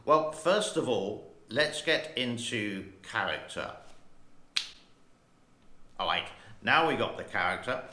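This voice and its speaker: Reading headlines aloud, a man in his sixties hosts his channel in a slow, rambling, talkative manner. The fairly low voice swings widely in pitch and sounds pushed and bright, with roomy echo around it.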